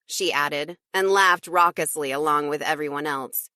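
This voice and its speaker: A woman's voice: sits low, moderate pace, hardly any pauses, pushed and bright, no room sound, clean studio sound. Wry woman audiobook narrator. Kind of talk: first-person audiobook narration.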